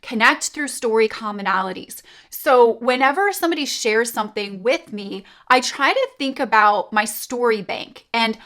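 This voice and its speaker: A woman's voice: fairly high pitch, lively intonation, normal speed, hardly any pauses, fairly bright tone. A middle-aged woman from Canada giving upbeat, emphatic sales coaching tips straight to camera. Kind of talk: direct-to-camera coaching talk.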